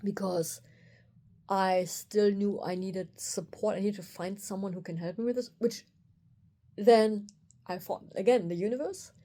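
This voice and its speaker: A woman's voice: medium pitch, fairly even intonation, a little slow, mellow. A woman tells a personal story to camera, recounting events candidly and acting out her own inner thoughts as quotes. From Germany. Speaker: osteopath and video host.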